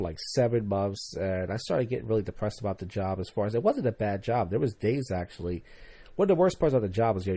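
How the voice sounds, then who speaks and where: A man's voice: lowish voice, warm tone, no room sound. A young man hosting a podcast, ranting casually and profanely about his old job and acting out his coworkers. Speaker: podcast host. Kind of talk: casual monologue.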